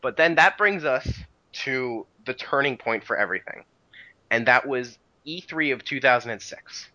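A man's voice: medium pitch, lively intonation, moderate pace, sharp tone, dull audio. A man co-hosting a casual podcast about video game history, rambling with many restarts and "you know" fillers. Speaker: podcast co-host.

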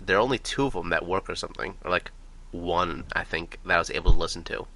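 A man's voice: low-pitched, quick pace, sharp tone. A man co-hosting a podcast, playful and teasing, often bursting into laughter. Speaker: podcast co-host. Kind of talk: casual chat.

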